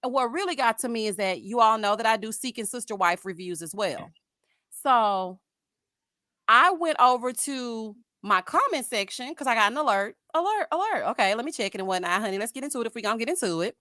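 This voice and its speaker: This Houston woman, around forty or in her late thirties, hosts a YouTube commentary channel and speaks with a Southern Texas twang. Her voice sits on the high side, brisk and expressive with a sharp tone, captured studio-quality without echo. She rants casually and dramatically, full of sass, addressing listeners as honey and child.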